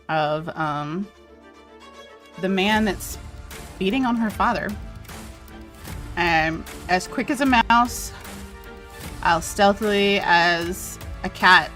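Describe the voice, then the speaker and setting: A woman's voice: fairly low pitch, a bit bright. A woman playing a tabletop role-playing game who describes her character's actions while thinking aloud, a little hesitant. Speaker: player.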